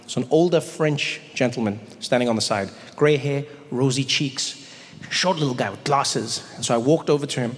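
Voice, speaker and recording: A man telling a stand-up comedy story, animated and playful. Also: medium pitch, moderate pace, big-room sound.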